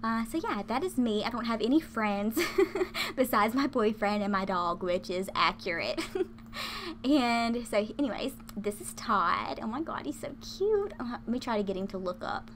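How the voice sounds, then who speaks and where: A woman's voice: mid-range voice, normal speed, a bit bright, a little hiss or hum. A young woman casually talking through a life-sim game she plays, chatty and giggly with many fillers. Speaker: gaming channel host.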